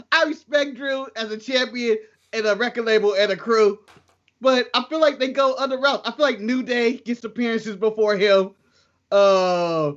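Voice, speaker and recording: A man's voice: very high voice, a bit bright, lo-fi sound. A man co-hosting a casual wrestling podcast, joking around and laughing often. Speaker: podcast co-host.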